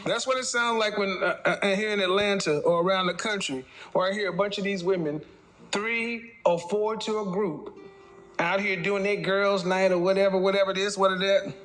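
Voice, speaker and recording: Against some background noise, a man with a high, steady voice gives a casual monologue as a dating commentator. His tone is mocking and lecturing, aimed right at his audience, and he slips into fast impressions.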